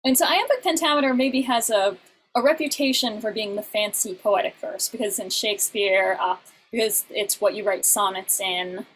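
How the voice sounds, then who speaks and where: Woman teacher, mid pitch, patient lecture on a computer mic, faint background noise. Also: moderate pace, fairly bright tone, poor audio. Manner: patient, explanatory, frequent "uh" fillers. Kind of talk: online class lecture.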